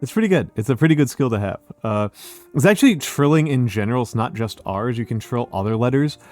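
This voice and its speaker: A man's voice: medium pitch, darkish tone. Man chatting casually with stream viewers. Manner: reads out viewer messages and greets each viewer by name; repeats short phrases over and over. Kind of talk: casual chat with a live audience.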